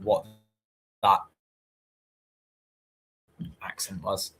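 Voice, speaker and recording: Male streamer, bright tone, unhurried live match calls and banter. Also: deep voice, flat delivery, husky. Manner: chatty, wry asides. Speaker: streamer hosting a match watchalong. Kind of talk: live match commentary and chat. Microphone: streaming mic, voice only.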